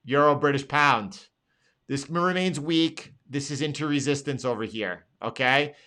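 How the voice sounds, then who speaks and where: A man hosts a live trading show, going over charts one by one. His voice is bright and a little tense, and he leans hard on his points and says them again and again. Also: mid-range voice, a little slow. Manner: emphatic, pleading, repeats phrases. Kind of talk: live market analysis.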